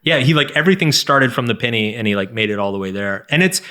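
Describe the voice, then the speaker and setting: A man in his thirties talks as a podcast guest, at a middle pitch and in a casual, wandering way. He keeps restarting his sentences and leans on the word "like" while working through his ideas. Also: animated, fast, pushed and bright. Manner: rambling, heavy use of "like", frequent restarts. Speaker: guest author. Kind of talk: casual interview chat.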